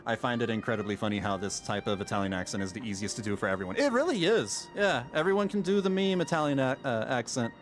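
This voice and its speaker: A man's voice: mid-range voice, animated, fast, hardly any pauses. A man streaming a game, making joking, amused asides while playing. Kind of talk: casual game commentary. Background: game music.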